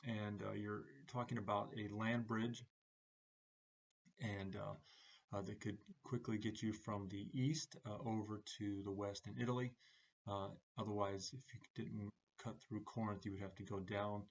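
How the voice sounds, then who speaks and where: A low, gravelly, husky man's voice working through a class lecture in a flat, even delivery. He pauses constantly on "uh" between short phrases. The sound is dull and lo-fi. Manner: halting, many "uh" fillers between phrases.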